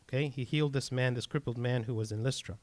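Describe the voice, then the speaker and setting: A man's voice: medium pitch, fast. A man, a priest, giving an earnest sermon and checking in often with "right?" and "okay?".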